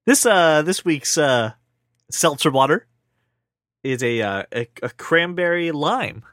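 Animated man rambling on a podcast. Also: on the high side, slow pace, no echo. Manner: animated, rambling with many restarts. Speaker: podcast co-host. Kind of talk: casual chat.

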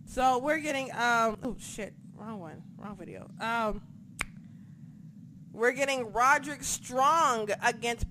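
A woman chatting casually about a wrestling show, excitable, swearing a lot and losing track of names as she talks. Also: on the high side, slow, slight background noise. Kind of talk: casual chat.

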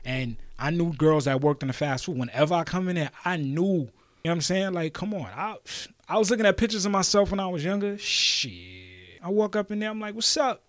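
A man's voice: high-pitched, animated, fairly quick, dry recording, clean studio sound. A man in his thirties with a Brooklyn New York accent, hosting a podcast and telling rambling, profane stories in street slang. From New York City. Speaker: podcast host. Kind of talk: casual storytelling monologue.

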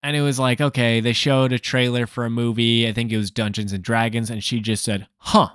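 A man's voice: medium pitch, little pitch movement, brisk, a bit bright, clear, resonant tone, dry recording. Sardonic man telling a story, dry sound. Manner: sardonic, exasperated asides. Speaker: film review host. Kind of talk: casual storytelling review.

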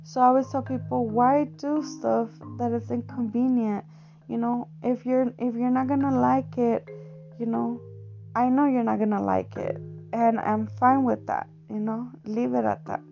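A woman's voice: on the high side, fairly even intonation, moderate pace, gravelly. A woman in a casual, rambling monologue, talking earnestly with many restarts and filler phrases. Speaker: speaker sharing life advice. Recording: dull lo-fi audio with faint guitar music.

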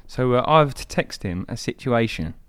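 A man's voice: medium pitch, expressive, moderate pace, fairly bright tone, clear, resonant tone, no room sound. A young man co-hosting a podcast in casual, joking chat, swearing and laughing a lot on a close mic. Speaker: podcast co-host.

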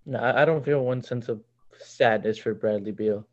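A man's voice: mid-range voice, moderate pace, muffled recording. A man co-hosting a casual sports podcast, blunt and emphatic in his opinions. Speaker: podcast co-host.

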